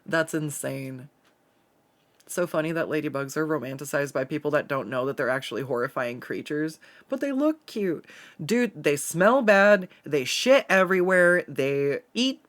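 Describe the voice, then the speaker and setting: A Pacific Northwest streamer chats casually while drawing, reading the chat aloud, swearing freely, and laughing a lot. The voice is mid-range and expressive, at a normal speed.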